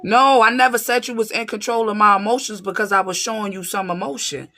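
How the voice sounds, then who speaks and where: A woman with a clear, bright voice gives an informal tarot reading straight to her audience. She talks in an emphatic, streetwise way and keeps checking that her listeners are with her. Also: medium pitch, fairly even intonation, fast. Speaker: tarot reader. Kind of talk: casual tarot reading monologue to viewers.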